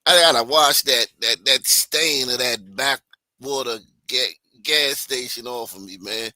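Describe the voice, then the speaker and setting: Male streamer, ringing bright tone, close and dry, casual rambling commentary. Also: mid-range voice, unhurried, dry recording. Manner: loose, repeats "man", restarts. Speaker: streamer reacting to clips.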